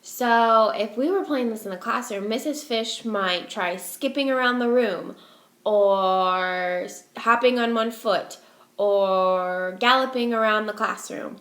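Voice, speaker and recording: A woman teacher reading a storybook aloud to young children, expressive and slow, asking her listeners questions. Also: a little high. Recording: echoey room.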